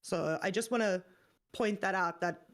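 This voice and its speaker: A woman's voice: mid-range voice, moderate pace. Woman co-host, earnest, a bit nervous, mid-range voice. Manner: earnest, a little nervous, stumbles over words. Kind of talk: casual livestream chat.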